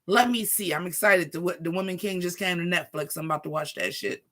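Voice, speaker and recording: Sassy, bright-voiced vlogger in their 40s. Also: mid-range voice, fairly quick. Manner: profane, sassy, animated, talks straight to viewers. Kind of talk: casual rant to camera.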